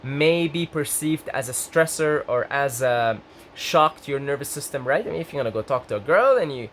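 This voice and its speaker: Rambling, excitable young man vlogger. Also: moderate pace, slight background noise. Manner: rambling, self-interrupting, lively pitch jumps when excited. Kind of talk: casual talk to camera.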